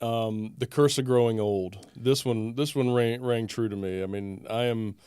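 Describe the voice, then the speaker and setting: Man, 40s, from north carolina, relaxed affirming podcast host, smooth clear voice, dry close sound. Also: mid-range voice, no room sound. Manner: relaxed, affirming, quick to laugh. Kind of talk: casual interview talk.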